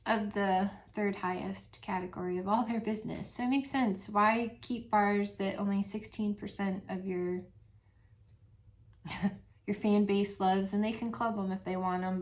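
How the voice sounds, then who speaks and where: A middle-aged woman talking casually to her channel's viewers, soft-spoken, with many pauses and frequent little laughs. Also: medium pitch, fairly even intonation. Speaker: channel host. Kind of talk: casual vlog chat to viewers.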